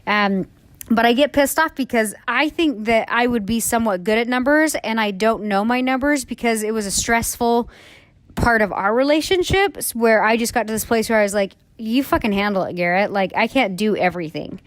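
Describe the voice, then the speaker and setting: A woman's voice: fairly high pitch, normal speed, no echo. A woman in her thirties, a salon owner talking candidly in a casual podcast chat, rambling with lots of fillers and the odd swear word.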